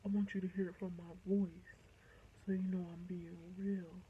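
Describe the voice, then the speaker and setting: Girl imitating a deep-voiced teen boy, low and exaggeratedly smooth. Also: little pitch movement, normal speed, narrow, tinny audio, slight background noise, natural voice. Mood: mocking.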